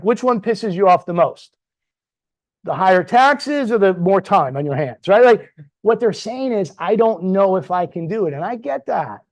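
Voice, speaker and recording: A middle-aged man with a notably high voice leads a motivational training session for a sales team. He talks in punchy bursts, firing rhetorical questions at the room and checking in with a quick "right?" after his points. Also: a little mellow. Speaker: business trainer.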